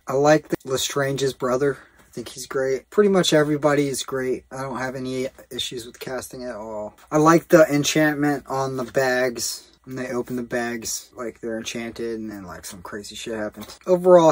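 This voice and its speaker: Male vlogger, loose and swearing, middle pitch, dry close sound. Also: moderate pace, dry recording. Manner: rambling and profane, heavy with fillers. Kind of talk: casual opinion rant.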